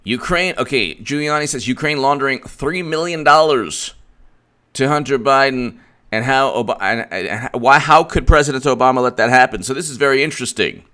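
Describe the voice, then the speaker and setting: A man giving solo political commentary, animated, acting out little scenes and restarting mid-sentence. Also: mid-range voice, moderate pace.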